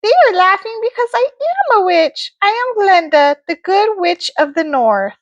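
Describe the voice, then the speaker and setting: A woman voicing a bubbly, high good witch who speaks in a chirpy, overly polite way. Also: expressive, normal speed, dry recording, distant mic, muffled recording. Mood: sweet.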